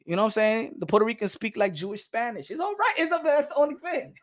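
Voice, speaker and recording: A man talks straight to his viewers in a loose, animated vlog rant. He hammers his points by repeating phrases and breaks into laughter between them. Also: very high-pitched, fast talker. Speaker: boxing channel host. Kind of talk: casual vlog commentary.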